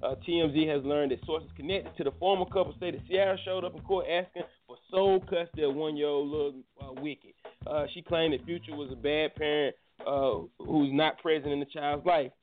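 A man's voice: fairly high pitch, fairly even intonation, a little fast, faint music behind. A man hosting a casual live morning show, joking and running loosely through the news. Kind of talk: casual live radio chat. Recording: tinny phone-like line.

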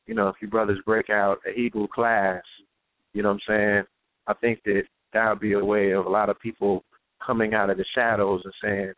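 A man's voice: fairly low pitch, flat delivery, brisk, dry recording. A man hosting a casual radio discussion, asking long, searching questions filled with "you know what I'm saying.". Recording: dry, tinny phone line.

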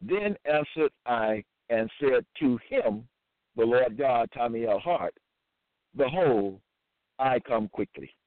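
A man preaching alone, reading scripture verses aloud in a slow, formal, deliberate cadence. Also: mid-range voice, expressive, no echo. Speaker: self-styled religious preacher. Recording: tinny phone-like dry audio.

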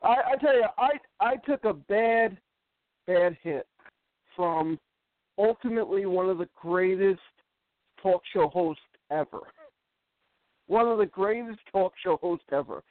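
A man's voice: high-pitched, a little slow, pauses often, dry recording. A man hosting a casual sports call-in show, telling a long rambling story with many restarts. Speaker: sports talk show host. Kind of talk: casual call-in radio chat. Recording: dry tinny phone-line sound.

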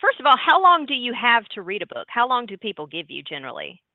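A woman's voice: fairly high pitch, huge pitch swings, quick pace, no echo. A woman hosting an interview, asking curious follow-up questions in casual talk. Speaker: interviewer, host. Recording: dry, tinny phone-like line.

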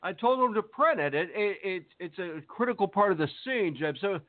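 A man's voice: sits high, animated, a little fast, no room sound. A man, a radio deejay, bossing people around in a rambling comedy sketch. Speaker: radio deejay playing a film director. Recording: dry phone-like sound.

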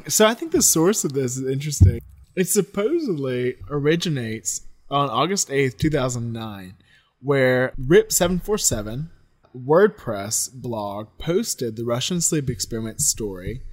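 A man co-hosting a podcast, calmly explaining the sources of online horror stories. His voice is mid-range for a man. He talks in an easy, conversational way. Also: medium pitch, a little slow. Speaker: podcast co-host. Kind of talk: casual podcast chat.

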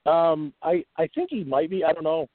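A man's voice: a little high, moderate pace, dry recording. A man rambling through a casual story over the phone, full of restarts and laughs. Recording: tinny dry phone line.

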